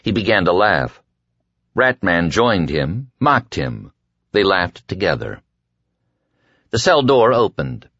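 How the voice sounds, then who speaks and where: A man reading an audiobook in measured scripted narration, quietly voicing the dialogue as he goes. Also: low voice, big pitch swings, no room sound, lo-fi sound.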